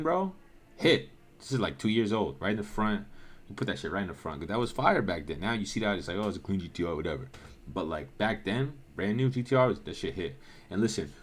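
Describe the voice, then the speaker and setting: A man in his thirties, recording a casual reaction vlog outdoors. He swears a lot and swings between frustration and hype as he reacts to old footage. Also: deep voice. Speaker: car show organizer reacting to old footage.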